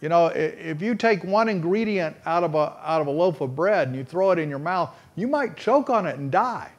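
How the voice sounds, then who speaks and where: Man preaching, folksy and earnest, kinda high voice, stumbles and restarts a lot. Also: lively intonation, normal speed. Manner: folksy, earnest, acts out dialogue with frequent restarts. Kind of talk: storytelling sermon.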